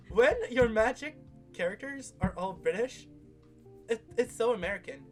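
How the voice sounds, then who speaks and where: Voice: mid-range voice, expressive, unhurried, soft background music. A host casually recapping and critiquing a series, talking in a rambling way with lots of fillers and strong opinions. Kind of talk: casual video discussion.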